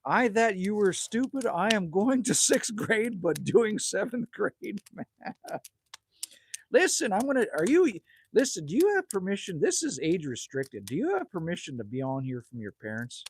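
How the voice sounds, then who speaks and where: A middle-aged man from the Northwest Territories, Canada, chats bluntly and jokes as he reads viewer comments on a casual campfire livestream outdoors. He speaks at normal speed in a high-pitched, sing-song voice with a breathy edge.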